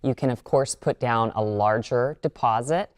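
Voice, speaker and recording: Woman agent on a tv show, super deep voice, dry close sound, confident tips. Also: moderate pace, dry recording. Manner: confident, practical advice. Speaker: real estate agent guest. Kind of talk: TV talk segment. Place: TV studio.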